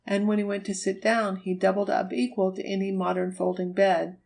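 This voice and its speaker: Woman reading a kids' storybook aloud, steady and measured, middle pitch. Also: vocal fry, rough recording. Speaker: audiobook reader. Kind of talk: scripted narration.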